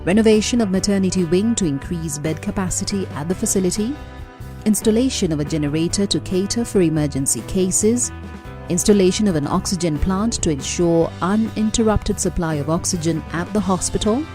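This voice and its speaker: A woman narrating a news report in a scripted, even delivery. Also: on the low side, fairly quick, faint music behind.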